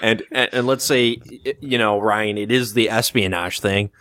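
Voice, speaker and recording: A man's voice: on the low side, steady tone, normal speed, bright, forceful tone, no room sound. Guy hosting a gaming podcast, jumpy questions, stammers a lot, dry close mic. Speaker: podcast host. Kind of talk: casual gaming podcast chat.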